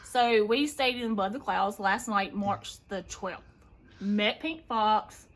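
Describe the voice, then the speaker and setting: A woman's voice: medium pitch, slow pace, slight background noise, poor audio. A woman hiker telling a casual anecdote in a chatty, amused way.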